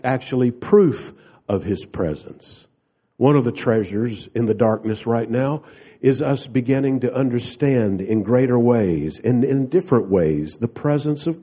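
A man's voice: mid-range voice, lively intonation, a little slow, warm tone, slightly rough. A man preaching a sermon, speaking emphatically and asking the congregation rhetorical questions. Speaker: pastor.

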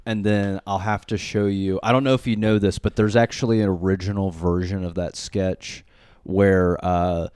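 Young man, podcast co-host, casual rambling chat, frequent swearing, lowish voice, dry close mic. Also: little pitch movement, moderate pace, darkish tone, smooth, no room sound. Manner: rambling, heavy filler words, swears often. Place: living room. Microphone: studio mic.

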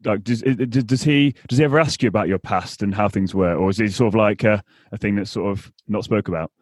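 A man's voice: fairly low pitch, quick pace, dry recording, studio quality. A man hosting a podcast interview, blunt and emphatic, swearing freely in casual talk. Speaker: podcast host.

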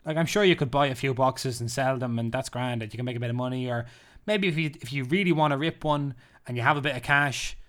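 A man's voice: medium pitch, fast, hardly any pauses, fairly bright tone. Male co-host, casual, jokey and rambling, playful list-reading. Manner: jokey, rambling, reads lists with playful emphasis. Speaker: podcast co-host. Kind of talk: casual chat.

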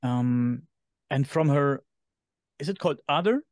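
A man with a German accent, co-hosting a podcast in casual chat and sometimes pausing to search for English words. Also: mid-range voice, expressive, a little mellow, no echo, clean studio sound. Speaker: podcast co-host.

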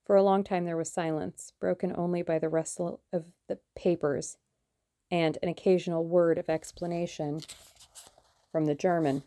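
A woman narrating a classic mystery audiobook in a measured storytelling voice. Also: on the low side, steady tone, warm tone, dry recording, studio quality.

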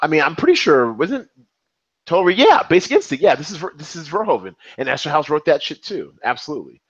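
Animated, profane podcast host man. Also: a little high, quick pace, breathy edge, no echo, dull audio. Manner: animated, profane, rambling with restarts. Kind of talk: casual movie chat.

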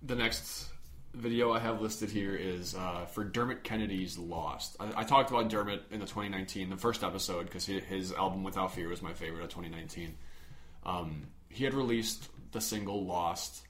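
A man's voice: low-pitched, normal speed, fairly bright tone. A young man co-hosting a podcast, chatting casually and rambling with frequent restarts. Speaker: podcast co-host. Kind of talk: casual chat.

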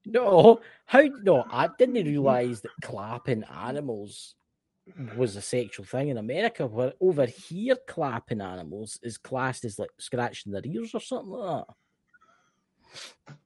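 A Scottish podcast co-host with a slightly rough, mid-range voice talks a little slowly, with no room sound. He keeps things casual yet animated, with lots of exclaiming and many restarts.

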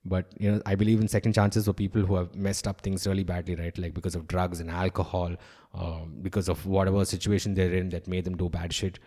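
Blunt, opinionated male comedian, lowish voice. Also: level tone, quick pace, dark tone. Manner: candid, opinionated, swears freely. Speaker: stand-up comedian and podcast host. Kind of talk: casual podcast monologue.

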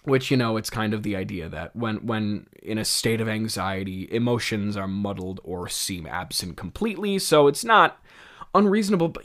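A man's voice: on the low side, normal speed, fairly bright tone. A young man hosting a podcast, rambling through casual, self-mocking commentary on a script he wrote as a teen, with many restarts and laughs. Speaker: podcast host.

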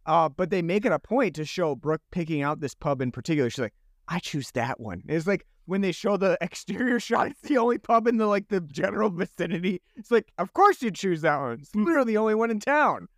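A man's voice: high-pitched, animated, quick pace, few pauses, no echo, clean studio sound. A man co-hosting a podcast, chatting casually and sarcastically about a holiday movie, often restarting his phrases. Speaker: podcast co-host. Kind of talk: casual movie review chat.

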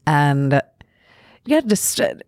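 A woman's voice: deep voice, sing-song, very slow, darkish tone, dry recording, clean studio sound. A woman hosting a podcast, speaking in a supportive, thoughtful way with hesitant phrasing. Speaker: podcast host, actress and director. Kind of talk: casual interview chat.

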